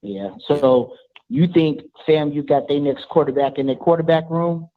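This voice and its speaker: A man's voice: a little high, fairly even intonation, normal speed. A man from Charlotte calling into a sports talk show, hesitant with many fillers. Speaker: caller. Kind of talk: phone-in question. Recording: tinny phone line.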